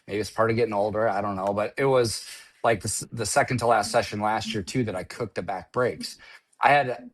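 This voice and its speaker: Low-voiced man telling a track story. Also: steady tone, brisk, a little hiss or hum. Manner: rambling, restarts often, storytelling. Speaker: guest driver. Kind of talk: casual conversation.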